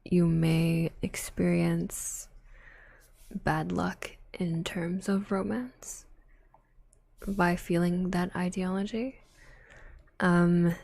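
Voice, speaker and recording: A young woman streaming tarot readings in a soft-spoken ASMR voice, slipping into whispers and giggling with chat, close on the mic. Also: lowish voice, no room sound.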